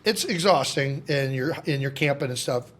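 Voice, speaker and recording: A man's voice: medium pitch, moderate pace, fairly bright tone. A man in his thirties, a podcast guest, chatting casually in long rambling stories, often cutting himself off and laughing. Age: 30s. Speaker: podcast guest, football center. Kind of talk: casual chat.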